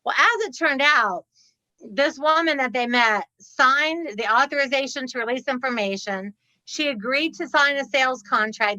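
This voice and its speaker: A woman guest on a podcast, telling a story with lively laughter and acting out the people in it. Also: sits high, normal speed, no room sound, rough recording. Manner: laughs often, acts out the people in her story. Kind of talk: animated storytelling.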